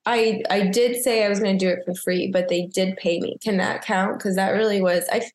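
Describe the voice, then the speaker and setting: A woman's voice: mid-range voice, fairly even intonation, a little fast. A young woman, a wedding photographer from Massachusetts, telling stories in casual podcast chat over a video call, giggly and self-deprecating. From Maynard, Massachusetts. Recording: roomy echo.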